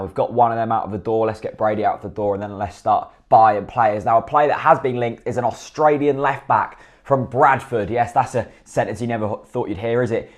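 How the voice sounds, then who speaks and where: A man giving blunt, opinionated football commentary to camera, often asking and then answering his own questions. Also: medium pitch. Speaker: football fan vlogger.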